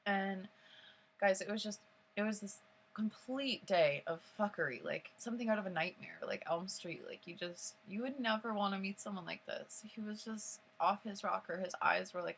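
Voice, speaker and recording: A woman's voice: mid-range voice, normal speed, creaky, a bit bright, a little hiss or hum, rough recording. A young woman telling a personal story in casual vlog style, rambling with lots of fillers and swearing. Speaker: vlogger.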